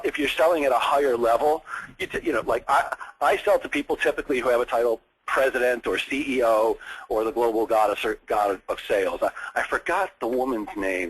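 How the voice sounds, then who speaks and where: A man coaching a salesperson in conversation, talking in an animated way and repeating his phrases. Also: medium pitch, breathy edge, poor audio.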